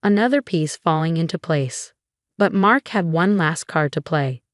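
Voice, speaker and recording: A woman reading a scripted first-person revenge story in an even, measured way. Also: low-pitched, no echo, studio quality. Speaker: narrator.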